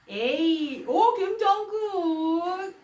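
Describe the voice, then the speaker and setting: A woman chatting excitedly as a reaction vlogger, gushing like a fan while she watches a music video. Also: very high voice, extremely slow. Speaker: K-pop reaction YouTuber. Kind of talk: casual reaction vlog chat. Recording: roomy echo with faint music behind. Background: music video playing faintly.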